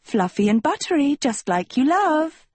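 A woman voicing a vain, sweet-talking teenage girl who coaxes in a high, sugary tone. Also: big pitch swings, unhurried, darkish tone, no echo. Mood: coaxing. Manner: sugary, coaxing, high and wheedling.

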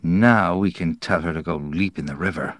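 A man's voice: mid-range voice, animated, a little slow, no room sound, studio quality, natural voice. A man reading aloud, voicing a bitter, scheming man who mutters sarcastically. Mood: sardonic.

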